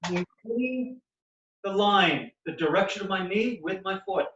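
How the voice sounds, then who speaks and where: A man's voice: high-pitched, expressive, unhurried, background noise. A male physical therapist explaining and demonstrating knee exercises step by step in a clinic. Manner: instructive, explains while demonstrating movements. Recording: echoey, distant, dull sound.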